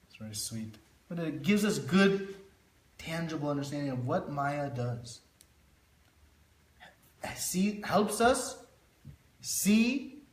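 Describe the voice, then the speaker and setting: A man teaching a devotional scripture class, telling stories to illustrate his points. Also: fairly high pitch. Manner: storytelling, illustrative. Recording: roomy echo.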